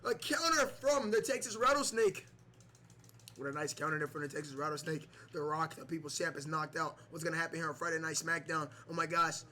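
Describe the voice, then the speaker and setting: A man calls a wrestling video game match in excitable play-by-play. His voice sits high and bright, and it jumps up into yells whenever a big move lands. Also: fairly quick.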